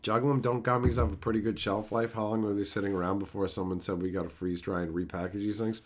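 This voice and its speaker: A middle-aged man ranting sarcastically at his live chat in casual, profane talk, breaking into loud mocking outbursts. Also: lowish voice, little pitch movement, fast talker. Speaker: streamer reading live chat.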